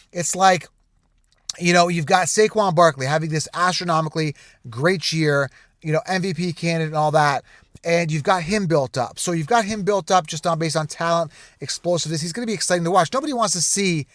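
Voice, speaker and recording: A man hosting a sports channel, talking straight to camera in an animated, conspiratorial rant full of repeated asides. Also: a little high, dry recording. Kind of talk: casual direct-to-camera rant.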